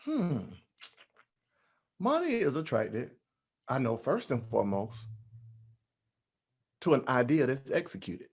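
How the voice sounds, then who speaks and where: At an online meeting, a guest speaker with a medium-pitched, slightly rough voice takes his time, leaving long pauses. He gives a playful, animated motivational talk in a preacher-like style.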